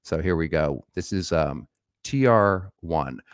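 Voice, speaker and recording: A man's voice: rumbling low, lively intonation, takes it slowly, smooth, no echo, studio quality. A man hosting a casual explanatory talk, conversational and teasing, with fillers. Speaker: podcast host.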